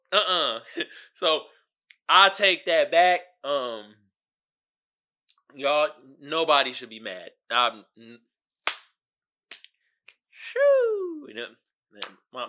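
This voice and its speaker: A male podcast host in casual solo commentary, animated, swinging from mumbles to shouts and laughing often. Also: high voice.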